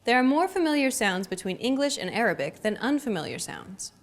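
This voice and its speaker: A woman's voice: a little high, big pitch swings, fairly quick. A woman hosting a language lesson, giving scripted, encouraging explanations in an upbeat way.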